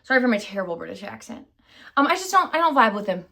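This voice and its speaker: A woman's voice: fairly high pitch, very animated, fast talker, vocal fry, pushed and bright. A woman vlogger chatting casually to camera, scattered and self-deprecating, losing her thread often. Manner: scattered and self-deprecating, many fillers and restarts. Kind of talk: rambling casual chat to camera.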